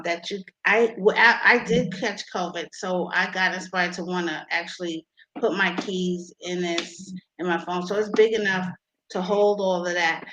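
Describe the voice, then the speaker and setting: Halting, low-voiced woman inventor. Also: fairly bright tone, a little hiss or hum, low-quality recording. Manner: halting, many ums and restarts. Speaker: inventor guest. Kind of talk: interview, explaining her invention.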